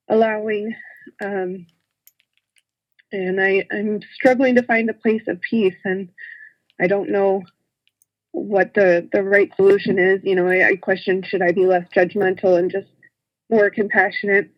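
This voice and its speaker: A woman calls in to a talk show and speaks hesitantly, pausing often with "um" as she looks for her words. Her voice sits at an ordinary pitch and comes through a muffled phone line. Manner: hesitant, full of um pauses. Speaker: caller. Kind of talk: call-in question.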